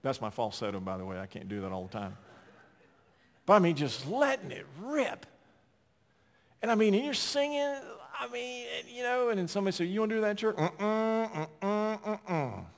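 A man preaching a sermon, swinging from loud emphatic lines to soft, quiet storytelling. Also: sits high, animated, a little fast, long reverb tail. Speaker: pastor.

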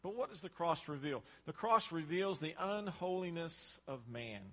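A man's voice: fairly high pitch, animated, moderate pace. A man preaching a sermon, talking emphatically and repeating himself for effect. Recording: long hall reverb.

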